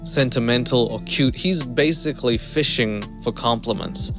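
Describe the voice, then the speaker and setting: A man streaming a reaction video, commenting in a mocking, animated, casual way. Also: mid-range voice, normal speed, music in the background.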